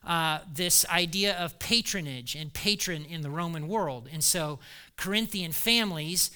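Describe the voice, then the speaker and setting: A male pastor delivers an animated sermon, slipping into quoted voices with a laugh. His voice sits high and very bright, with a smooth, clear tone. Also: unhurried.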